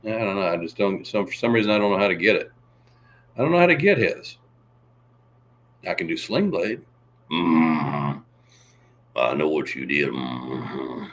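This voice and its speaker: Fairly low in pitch, animated, and fairly quick, yet marked by long pauses, a man hosts a laid-back livestream. He rambles, reads the chat out loud, and has a go at impressions.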